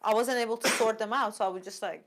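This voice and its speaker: A woman's voice: fairly high pitch, quick pace, noisy background. A woman co-hosting a casual talk show, telling a personal story and acting out the dialogue. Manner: chatty storyteller, acts out quoted dialogue. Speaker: podcast co-host. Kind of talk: casual chat.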